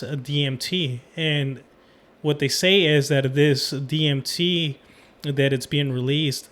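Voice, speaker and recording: A man's voice: mid-range voice, fairly bright tone. A man hosting a podcast, explaining his beliefs casually and checking in with "right?" as he goes. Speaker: podcast host. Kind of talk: casual interview chat.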